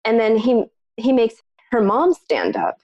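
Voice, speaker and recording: A woman's voice: on the high side, unhurried. Woman telling a story, lo-fi sound. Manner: animated, acts out other people's lines in the story; frequent filler "like". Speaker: podcast co-host. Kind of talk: casual storytelling chat.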